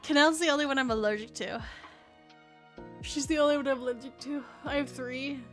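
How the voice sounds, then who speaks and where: A woman's voice: sits high, steady tone, fairly quick, faint music behind. A woman VTuber streamer chatting casually at home. She rambles, with lots of fillers and restarts. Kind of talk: casual chat while streaming. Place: home room with her cat. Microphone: desk streaming mic.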